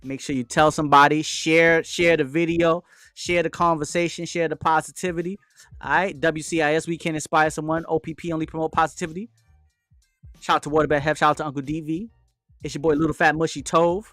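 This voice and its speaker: A man's voice: fairly high pitch, a little fast, no echo. A man hosts a casual live stream, talking loosely and answering viewers' comments as they come in. His voice sounds dry and close, with faint music playing underneath. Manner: relaxed, chatty, with frequent fillers and shout-outs. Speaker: livestream host. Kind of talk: casual livestream chat.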